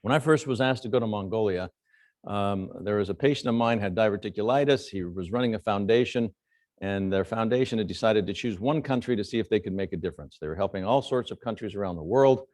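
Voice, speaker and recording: A man's voice: lowish voice, fast talker, no room sound, studio quality. A middle-aged man, a surgeon, giving a conference lecture full of anecdotes and frequent fillers. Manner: storytelling, animated quotes, frequent fillers.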